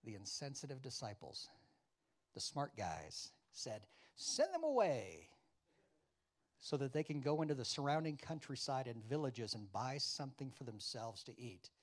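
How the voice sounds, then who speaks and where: A man preaching a sermon, acting out dialogue and questioning his congregation, loud one moment and quiet the next. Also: mid-range voice, normal speed. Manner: animated, acts out biblical dialogue with wide swings in loudness; addresses the congregation with questions and asides. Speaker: pastor.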